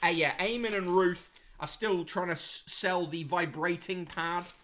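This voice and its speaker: A man's voice: sits high, steady tone, measured pace, a bit bright, slight background noise. A man hosting a podcast and giving a sardonic, casual running review of newspapers, with plenty of fillers.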